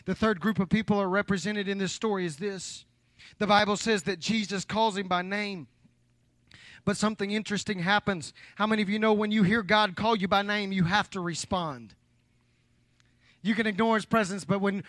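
High-voiced preacher building rhythmic crescendos. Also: male voice, fairly even intonation, a little fast, no room sound. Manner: rhythmic preaching with repetition, swinging from loud build-ups to hushed near-whispers. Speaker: pastor. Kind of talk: sermon.

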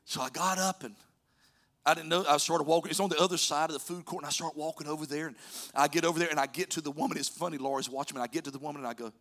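A man preaching a sermon as pastor, telling stories and swinging from loud urging to soft near-whispers. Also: a little high, fairly even intonation, racing.

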